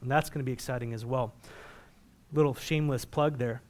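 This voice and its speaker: A man preaching a sermon as a pastor, asking the congregation questions and growing loud and emphatic when reading scripture. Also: mid-range voice, steady tone, a little fast.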